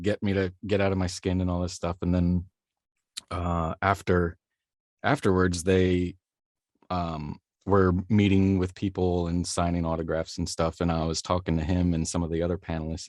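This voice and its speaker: A man's voice: deep voice, darkish tone, no room sound, clean studio sound. A man, a voice actor, telling his story in a rambling, self-deprecating way during a casual interview, laughing easily. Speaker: voice actor guest.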